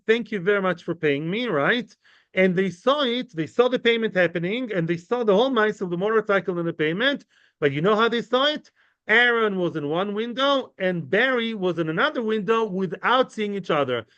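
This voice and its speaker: A man giving an informal, animated Talmud class, chatty and lively, mixing English with Hebrew and Yiddish terms. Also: high-pitched, no room sound, lo-fi sound. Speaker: Talmud teacher.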